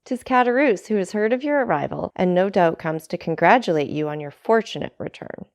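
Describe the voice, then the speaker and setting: A woman reading aloud, voicing a humble poor old father who talks in a gentle, mild way, in a storybook. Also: on the low side, animated, brisk.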